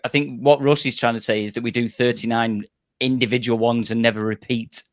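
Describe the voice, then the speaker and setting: A man's voice: medium pitch, steady tone, a little fast, no echo, clean studio sound. A man co-hosting a podcast who drops in short, wry remarks. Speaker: podcast co-host. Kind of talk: casual chat.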